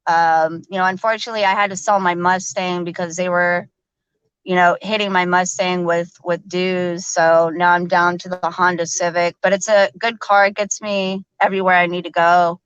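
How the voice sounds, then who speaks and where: A woman's voice: fairly low pitch, flat delivery, normal speed, a bit bright, clear, resonant tone, dry recording, muffled recording. A woman hosting a live stream in casual chat, chatty, laughing often and using lots of fillers. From American South.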